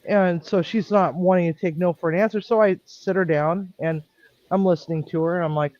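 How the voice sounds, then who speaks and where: A man's voice: on the high side, brisk, a little mellow, dry recording, muffled recording. A man working as a kitchen manager tells a story bluntly and acts out the dialogue. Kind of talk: storytelling on a stream.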